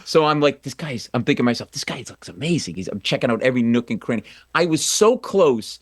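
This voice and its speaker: A male comedian tells a story on a radio show, animated and quick to mock himself. He acts out every voice in the story. The sound is dry and close to the mic. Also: medium pitch, no room sound. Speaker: comedian guest.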